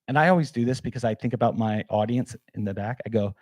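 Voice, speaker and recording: A man leads a workshop in a loose, energetic way, holding up gear as he talks and leaning on fillers. His voice is warm and mellow and sounds close and dry. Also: mid-range voice, fast talker, no room sound. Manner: casual, energetic, demonstrates gear, many fillers. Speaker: workshop presenter. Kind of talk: live workshop talk.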